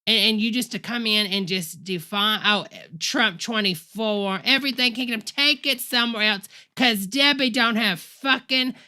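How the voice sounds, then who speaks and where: A woman's voice: on the high side, moderate pace, few pauses, pushed and bright. A woman playing a foul-mouthed sassy church lady. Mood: outraged. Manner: profane, rambling ranting, calls listeners honey. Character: foul-mouthed, sassy female church-leader character, middle-aged. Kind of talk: comedic livestream rant in character.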